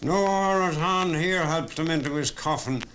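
A man voicing a fierce, angry hurler who shouts his words in a storybook reading. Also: a little high, moderate pace, a little hiss or hum, pitched above the performer's own voice, lightly acted, rough recording. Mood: furious. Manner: shouting, furious.

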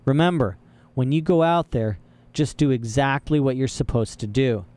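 A man voicing a menacing bald henchman in an audiobook, talking in a slow, threatening way. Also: medium pitch, warm tone, lightly acted.

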